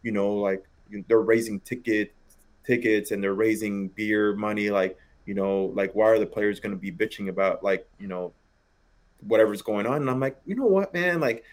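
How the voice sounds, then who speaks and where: A man's voice: lowish voice, steady tone, moderate pace, darkish tone. A man co-hosting a podcast in casual chat, rambling and filling his talk with "like" and "you know.". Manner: conversational, rambling, lots of "like".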